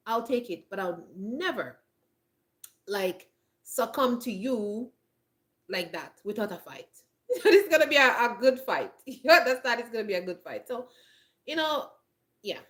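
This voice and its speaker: A woman giving blunt, emphatic advice straight to camera on a countryside homestead, laughing often, with a frog in her throat. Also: fairly high pitch. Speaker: homestead vlogger. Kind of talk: direct-to-camera advice talk.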